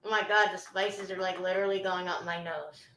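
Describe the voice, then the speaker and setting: A woman vlogger cooks on a livestream and chats casually with viewers, greeting them by name mid-sentence and letting her thoughts trail off. Her voice is lowish, level, brisk, and fairly bright, and the recording is rough.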